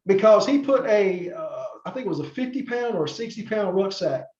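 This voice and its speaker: A middle-aged man tells long stories as a podcast guest, rambling with fillers and restarts. His voice sits fairly high for a man. The sound is roomy and a little muffled. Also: expressive, fairly quick, darkish tone. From North Carolina, USA. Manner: rambling, many fillers and restarts, acts out quoted people. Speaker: podcast guest, former wrestler. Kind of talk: casual interview storytelling.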